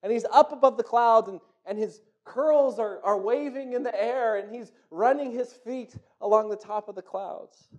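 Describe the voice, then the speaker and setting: A man telling a folk tale aloud, animated and often repeating words as he goes. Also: very high voice, moderate pace, few pauses, muffled recording. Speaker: storyteller. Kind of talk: oral storytelling.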